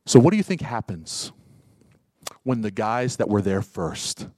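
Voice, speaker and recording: A male pastor preaching a sermon, acting out voices and swinging from loud bursts to hushed lines. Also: lowish voice, unhurried, no echo. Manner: animated, acts out voices of workers.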